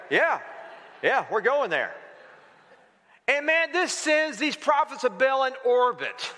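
A man's voice: high voice, sharp tone. A man preaching a sermon as pastor, asking the congregation rhetorical questions and mixing in humorous asides. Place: church sanctuary. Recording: long reverb of a large hall.

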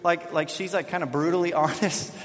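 A man in his thirties preaching, with a fairly high voice that rings out into a long hall reverb. He tells stories in an animated, self-deprecating way. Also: a little fast. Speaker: pastor. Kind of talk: sermon. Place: church sanctuary.

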